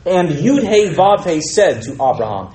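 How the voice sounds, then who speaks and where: A man's voice: sits high, very animated, measured pace, echoey room, crowd noise, low-quality recording. A man teaching a Bible study, reading scripture aloud and explaining it with questions to his listeners.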